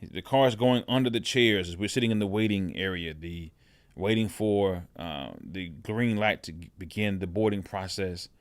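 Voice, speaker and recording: A man with a heavy, low voice speaks at a normal speed in a dry recording. As a podcast host, he talks through a reflective personal monologue conversationally, often saying "right?" to check in, with frequent restarts and repeated words.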